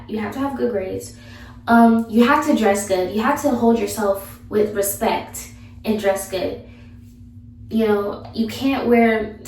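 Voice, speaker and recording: A woman's voice: a little high, darkish tone, slight background noise. A young woman vlogger giving blunt, sassy advice in a casual, chatty way. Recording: echoey room, mic far off.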